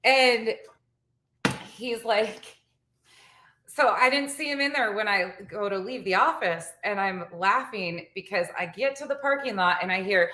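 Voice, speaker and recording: A woman's voice: medium pitch, measured pace, sharp tone. A woman in her forties tells a story in a chatty, casual way and laughs often along the way. Her voice sits in a middle range for a woman. She was recorded at home, and the room adds a noticeable echo. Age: 40s. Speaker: vlogger.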